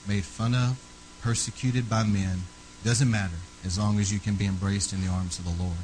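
A man preaching a fervent sermon, rising to loud, emphatic peaks and then dropping low and quiet. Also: steady tone, normal speed, slight background noise, rough recording.

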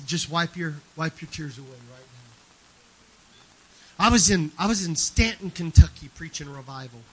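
A man preaching a sermon, swinging from soft confiding talk to loud shouted preaching and often repeating words as he tells stories. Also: sits high. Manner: repeats words and restarts when emotional.

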